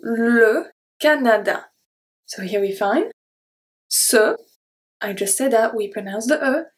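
A woman teaching pronunciation, saying each word slowly and repeating it before she explains its sounds. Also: mid-range voice, animated. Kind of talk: slow word-by-word pronunciation lesson.

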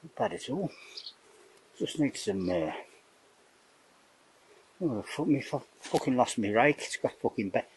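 A man's voice: mid-range voice, expressive, a little slow, pauses often, a little hiss or hum, low-quality recording. An older man giving a rambling, casual commentary outdoors in his garden, swearing in nearly every sentence. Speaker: vlogger narrating home renovation.

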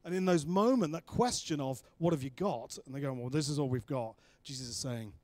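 A man preaching a sermon, telling the story with lively acted-out voices of the people in it. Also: medium pitch, fairly quick, no echo. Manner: animated storytelling, acting out voices of the disciples.

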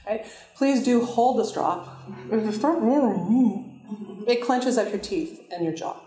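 A woman's voice: a little high, expressive, slow, warm tone, faint music behind. A woman voice coach leading a live workshop, upbeat and encouraging as she instructs the group. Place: large room with a live audience. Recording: echoey room with crowd. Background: audience voices.

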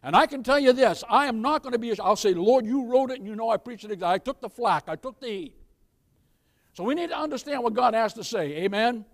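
Pastor, man with a high voice, folksy sermon delivery with wry jokes and questions to the pews. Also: animated, a little fast, gravelly. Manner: folksy preaching, questions to the congregation. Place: church.

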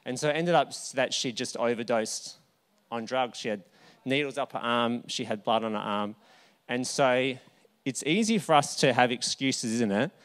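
A man's voice: mid-range voice, a bit bright, smooth. A male pastor with an Australian accent, telling a personal story in a conversational sermon with asides and self-corrections. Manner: conversational, anecdotal, with asides and restarts.

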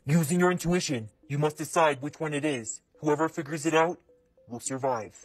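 A woman voicing an unseen, booming announcer who runs a deadly test, speaking in slow, ominous pronouncements. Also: soft background music.

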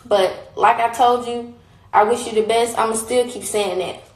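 A woman's voice: a little high, steady tone, normal speed, echoey room, rough recording. A young woman on a phone live stream, talking in a heated, blunt and repetitive way, with frequent swearing. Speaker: livestreamer. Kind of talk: casual livestream rant.

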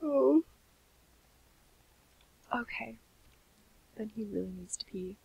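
A young woman giving sleepy, chatty commentary on a life-sim game, often slipping into soft half-whispers. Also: on the high side, lively intonation, slow pace, gravelly, husky, dry recording, poor audio. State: sleepy, keeps yawning. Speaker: gaming channel host. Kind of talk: casual gameplay commentary.

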